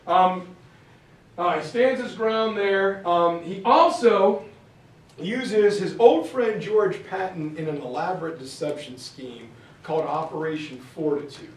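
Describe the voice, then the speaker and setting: A man lecturing on history as an animated storyteller who acts out the quotes. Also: high-pitched, slow pace. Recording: roomy sound from far off.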